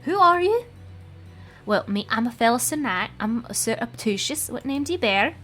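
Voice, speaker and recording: Woman putting on a fed-up knight, quick and exasperated, a bit higher than her own voice. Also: expressive, fairly bright tone, faint music behind. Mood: haughty, exasperated.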